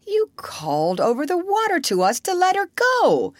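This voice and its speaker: A woman's voice: extremely high pitch, wildly swooping pitch, normal speed, no room sound, pitched above the performer's own voice, exaggerated voice. A woman voicing a suspicious male pirate crewman in a storybook reading, wary and raised.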